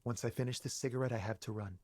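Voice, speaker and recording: An actor voicing a nervous young man in a video game who talks in a hushed, evasive, guarded way. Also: mid-range voice, steady tone, rapid-fire, no room sound, close to an everyday voice. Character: nervous young male balcony smoker. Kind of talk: game voice acting.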